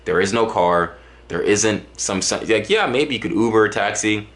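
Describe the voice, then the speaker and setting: Animated joking man from Dallas. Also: on the low side, normal speed. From Dallas, Texas. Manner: joking, exaggerated, rambling with restarts. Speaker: vlogger. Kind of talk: casual comedic monologue to camera.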